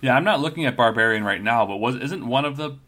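Eager bright-voiced man chatting. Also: mid-range voice, expressive, quick pace. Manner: eager and talkative, laughs readily. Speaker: podcast co-host building a character. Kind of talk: casual chat about tabletop game planning.

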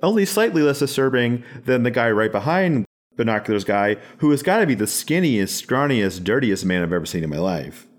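A man's voice: mid-range voice, very animated, brisk. A man on a casual movie podcast, wryly pointing out odd details on screen. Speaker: podcast co-host.

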